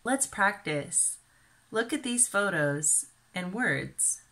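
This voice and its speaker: Slow, lively Midwestern woman teacher. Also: medium pitch. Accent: Midwestern American. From Kansas, USA. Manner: clear, careful, enunciated teaching delivery. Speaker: English teacher. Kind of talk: slow scripted ESL lesson.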